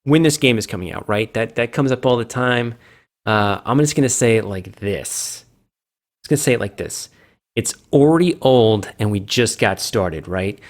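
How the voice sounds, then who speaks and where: A man's voice: lively intonation, normal speed. A man hosting a casual solo video chat for a game community, rambling and correcting himself, playful with made-up words. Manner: acts out fans' reactions with sudden pitch jumps.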